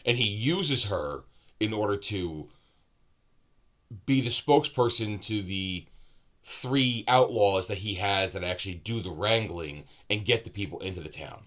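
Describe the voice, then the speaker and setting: Casual male book reviewer, lowish voice, chatty and wandering, thinks aloud mid-sentence. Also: animated, a little slow, a bit bright. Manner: loose and rambling, with asides and self-corrections.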